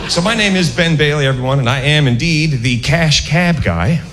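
A man's voice: on the high side, expressive, moderate pace, over a noisy crowd, heavy background noise. A man doing stand-up comedy with wry, mocking imitations. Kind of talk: live stand-up set.

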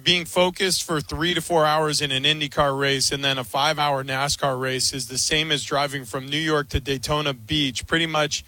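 A man's voice: a little high, steady tone, normal speed, few pauses, pushed and bright, no room sound, low-quality recording. A man on a sports talk panel speaking in an earnest, emphatic way.

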